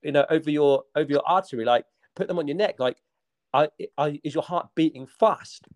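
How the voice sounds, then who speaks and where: A man's voice: a little high, brisk. A man talking as a fitness coach guest on a podcast, upbeat and motivational, with many fillers. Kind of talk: casual podcast chat.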